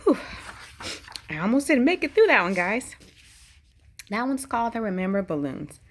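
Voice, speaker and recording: A woman hosting a bedtime read-aloud, narrating expressively and talking gently to the children listening. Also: mid-range voice. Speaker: host reading a bedtime story.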